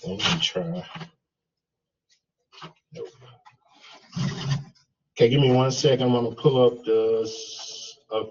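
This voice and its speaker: A male math instructor calling roll in class, halting and checking how names are pronounced. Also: mid-range voice, far from the mic, lo-fi sound. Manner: slow, halting, checks name pronunciations.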